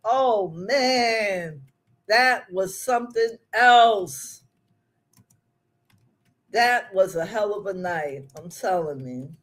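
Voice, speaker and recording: A woman hosting a live show, telling stories in casual chat, laughing often and drawing out her exclamations. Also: fairly high pitch.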